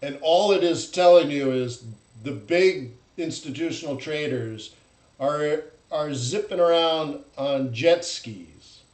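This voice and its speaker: Man, trading host, blunt, animated, mocking asides, fairly high-pitched, echoey room. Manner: animated, blunt, acts out traders' voices in loud mocking bursts. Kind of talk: live-stream market commentary.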